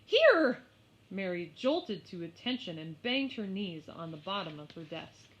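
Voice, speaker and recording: A woman narrating a children's story aloud in an expressive, unhurried way. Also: fairly low pitch. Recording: slightly muffled lo-fi.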